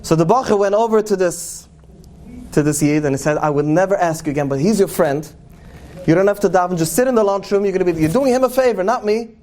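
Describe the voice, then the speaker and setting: Speaking earnestly to a crowd, a high-voiced rabbi shares stories, his tone a little mellow and touched with a storyteller's flavor. Important words get stretched out as he slows for emphasis.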